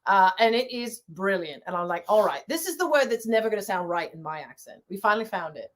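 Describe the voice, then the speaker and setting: A woman's voice: medium pitch, animated, quick pace, a bit bright. A woman co-hosting a live show, chatting casually and often exclaiming. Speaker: podcast co-host.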